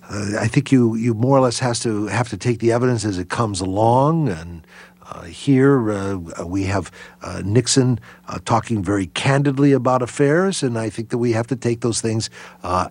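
A man answering interview questions as a historian, halting and full of fillers and restarts. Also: on the low side, husky. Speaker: historian guest.

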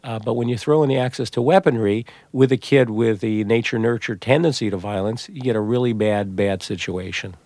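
A middle-aged man, a novelist and psychologist, telling stories in an interview with lively restarts and repeats. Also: mid-range voice, brisk, few pauses, no room sound. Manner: animated storyteller, many restarts and repeats. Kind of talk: conversational interview.

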